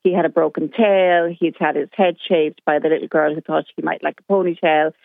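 This middle-aged caller rings a radio show by telephone and relates her story with indignation, the line sounding tinny. Her low, creaky voice keeps a fairly even intonation at a fairly quick pace, with no room sound.

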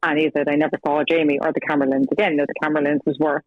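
An Irish woman, the subject's former partner, talks as a guest in a casual phone interview, her low voice racing along with little pitch movement. She tells her story chattily, acting out quoted dialogue and laughing between lines. The phone line sounds dry and tinny, with no echo.

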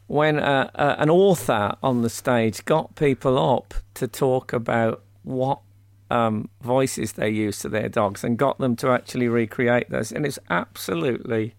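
A man's voice: medium pitch, measured pace, gravelly, hardly any pauses, no echo. A man hosting a casual radio chat from home, joking in a dry, self-mocking way. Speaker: radio host. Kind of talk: casual banter.

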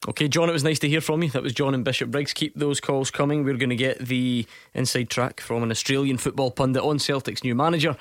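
A man hosting a radio sports phone-in, brisk and teasing, often laughing. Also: mid-range voice, steady tone, dry recording, studio quality. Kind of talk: casual radio chat. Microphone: studio microphone.

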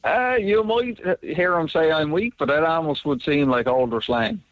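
A man's voice: on the high side, normal speed, no room sound. Easygoing Newfoundland man on a dull line. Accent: Newfoundland, southern Avalon. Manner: easygoing, chatty. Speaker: radio guest. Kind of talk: casual interview chat.

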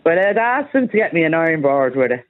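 A woman's voice: sits low, very animated, quick pace, phone-quality sound. A woman calling in to a radio show, talking in a chatty, rambling way and saying "like" a lot. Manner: chatty, rambling, says "like" often. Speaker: caller. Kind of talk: casual radio phone-in chat.

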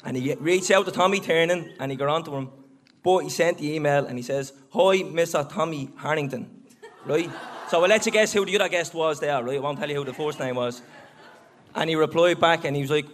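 A man's voice: on the high side, quick pace. A man co-hosting a live podcast, telling stories and acting out the quotes with a laugh. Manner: storytelling, acts out quotes, laughs along. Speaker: podcast co-host. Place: live venue before an audience.

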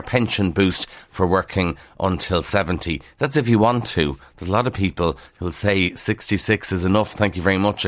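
A man with an Irish accent from Kildare, presenting a brisk morning newspaper review on radio with wry asides. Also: low-pitched, fairly bright tone, dry recording.

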